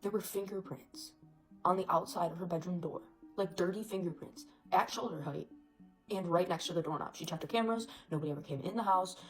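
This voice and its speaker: Fast-talking chatty woman telling a story. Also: lowish voice, soft background music, poor audio. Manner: animated, chatty, lots of fillers. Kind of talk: casual storytime.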